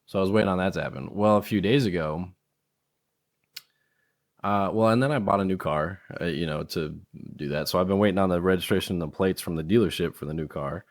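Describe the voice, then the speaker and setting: A man's voice: low-pitched, a little fast. A man hosting a podcast, telling a story casually, swearing and acting out what people said. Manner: animated storyteller who swears and acts out quotes. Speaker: podcast host.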